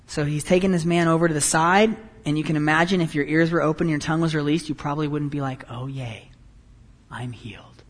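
Animated male preacher in a reverberant hall. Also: fairly high pitch, fast talker, hardly any pauses. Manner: animated, swings between hushed and loud. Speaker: pastor. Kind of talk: sermon.

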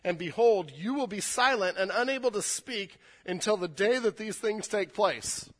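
A man's voice: high-pitched, animated, normal speed, fairly bright tone, long reverb tail, voice pushed up. A man voicing Gabriel, a stern angel. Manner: emphatic, commanding. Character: stern confident male angel messenger.

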